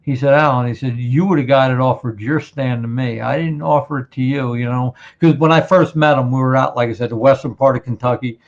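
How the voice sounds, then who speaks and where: A New Jersey man in his fifties hosts a casual podcast chat, speaking fairly quickly with a medium-pitched, steady voice and hardly any pauses. He tells a long hunting story and acts out what others said, and the recording has a dull lo-fi sound.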